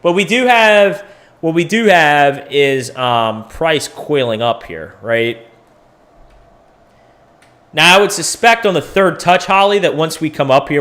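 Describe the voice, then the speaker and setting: A man's voice: fairly high pitch, a bit bright. A man hosting a crypto education video, talking through charts in a loose, profane, thinking-aloud way. He sounds tired. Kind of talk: casual chart analysis video.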